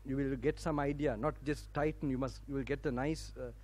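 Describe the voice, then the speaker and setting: Poorly recorded with some hiss or hum, this sermon comes from a Sinhala-speaking monk from Sri Lanka addressing a campus hall audience in accented English. His mid-range voice is slightly mellow, brisk, and fairly even in intonation. He guides relaxation informally, laughing often and restarting phrases that break off.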